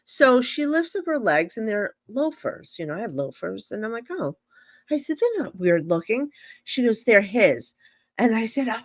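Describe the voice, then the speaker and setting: A woman psychic medium telling stories casually on a live stream video call, blunt and animated, acting out both sides of each exchange. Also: fairly high pitch, moderate pace, no room sound.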